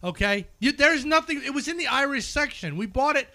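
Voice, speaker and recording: A man co-hosting a casual chat with friends, ranting loudly and swearing. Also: very high-pitched, animated, fairly quick. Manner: loud, profane, ranting. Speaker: podcast co-host. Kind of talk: casual banter among friends.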